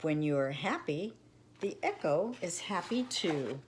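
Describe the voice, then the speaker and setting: A woman voicing a wise old male beaver who calmly explains things in a storybook reading. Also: deep voice, unhurried, a little hiss or hum. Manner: calm, explaining.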